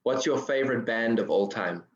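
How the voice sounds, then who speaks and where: An interview host with a mid-pitched voice who keeps to brief questions and short replies. The recording sounds slightly dull and lo-fi. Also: moderate pace. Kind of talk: casual interview.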